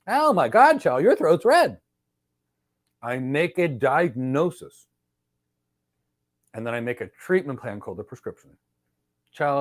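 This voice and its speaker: A man hosting a live career Q&A session and explaining things animatedly through role-play examples. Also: mid-range voice. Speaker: career coach host.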